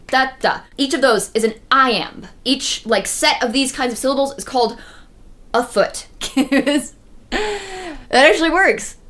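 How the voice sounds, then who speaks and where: Woman, fairly high voice, casual livestream lecture, chatty, digressive, excited bursts, slow rhythmic recitation. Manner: chatty, digressive, animated with sudden excited jumps; recites verse slowly and rhythmically. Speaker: streamer explaining mythology. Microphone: streaming setup.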